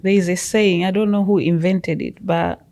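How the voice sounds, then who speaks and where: A woman from Malawi speaks in a gravelly, fairly low voice. She adds her view to a casual podcast conversation in a measured way. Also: fairly even intonation, darkish tone. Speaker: podcast guest.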